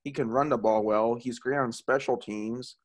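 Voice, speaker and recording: A young man co-hosting a casual sports podcast, enthusiastic and quick to laugh. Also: mid-range voice, steady tone. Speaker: podcast co-host.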